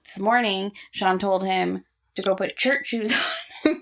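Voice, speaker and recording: A woman co-hosting a casual podcast chat, telling stories and acting out quotes in a higher voice. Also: a little slow. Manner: animated storyteller, acts out quotes in a high voice. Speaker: podcast co-host.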